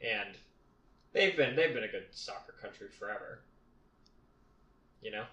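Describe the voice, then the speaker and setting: A man's voice: lowish voice, expressive, moderate pace, fairly bright tone, lo-fi sound. A young man hosting a casual podcast, confident and opinionated in a playful way. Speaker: podcast host. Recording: roomy echo.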